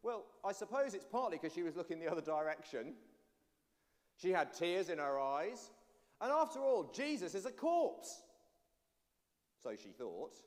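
A man, a pastor, giving an animated all-age sermon and addressing the children directly. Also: high voice, normal speed, pauses often. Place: church. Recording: long church reverb.

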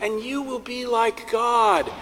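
A male priest voicing the serpent devil as a sly, hushed tempter during a sermon. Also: very high-pitched, fairly even intonation, slow pace, long reverb tail, slight background noise, pitched above the performer's own voice, full character voice. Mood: coaxing.

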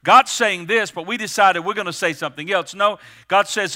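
A middle-aged pastor preaches a sermon, slowing down and pausing emphatically to stress words. His voice is high and bright, with a forceful tone.

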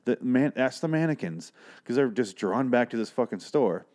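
A man's voice: mid-range voice, animated, normal speed, a little mellow. A man hosting a podcast alone, rambling and swearing as he recaps a story and acts out the characters. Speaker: podcast host. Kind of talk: casual solo podcast chat.

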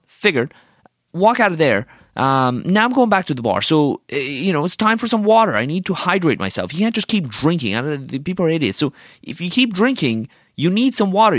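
Young man, fairly high voice with big swings, dry close sound; profane, sarcastic storyteller venting. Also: fairly bright tone, no room sound. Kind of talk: casual storytelling rant.

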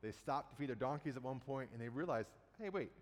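A man's voice: medium pitch, fairly even intonation, quick pace. Man preaching in a reverberant hall. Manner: conversational, acts out quotes casually. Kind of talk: sermon retelling a Bible story.

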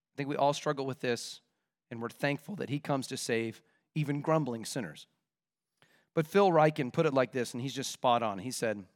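A man with a high-pitched voice delivers an expository sermon as a pastor. He speaks emphatically and keeps asking rhetorical questions.

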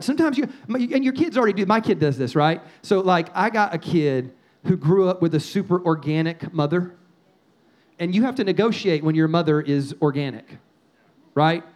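A middle-aged man preaching a sermon as pastor, animated and punchy, with quoted asides and repeated phrases. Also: extremely high pitch.

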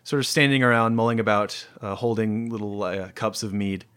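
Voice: mid-range voice, a little fast, a bit bright, clear, resonant tone. A game master describing the scene of a tabletop game, a bit hesitant.

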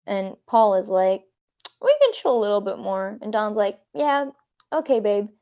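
A woman improvising a comic scenario for her friends, rambling with quick, profane asides. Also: medium pitch, lively intonation, muffled recording. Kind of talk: casual comedic storytelling.

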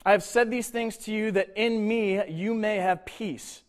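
A male pastor preaching in a relaxed, conversational manner, his voice sitting a little higher than most men's. He mixes scripture reading with casual asides and questions to the congregation. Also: a little slow. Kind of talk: sermon.

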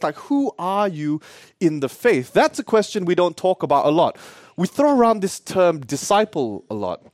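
A young man with an Australian accent preaching a sermon, telling stories in an animated way. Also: high-pitched, no room sound, clean studio sound. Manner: animated storyteller. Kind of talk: story-driven sermon. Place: church.

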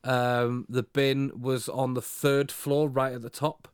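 A young man co-hosting a chatty podcast rambles through a story with lots of restarts and self-mocking asides. His voice is smooth and resonant, and it sounds dry and close with no room echo. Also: mid-range voice, level tone, slow pace. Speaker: podcast co-host. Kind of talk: casual storytelling chat.

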